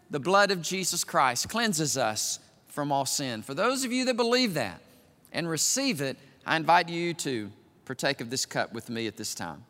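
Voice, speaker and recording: Older pastor preaching in a reverberant hall. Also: male voice, a little high, sing-song, moderate pace. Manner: swells from quiet musing to loud emphatic preaching. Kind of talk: sermon. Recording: long reverb of a large hall.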